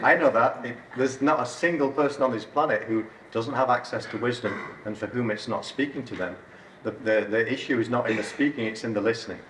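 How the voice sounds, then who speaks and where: A man's voice: mid-range voice, a bit bright, a little hiss or hum. A man speaking at a wellbeing event, emphatic and joking as he explains his ideas. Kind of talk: talk on wellbeing. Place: event hall. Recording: roomy hall audio from a distance.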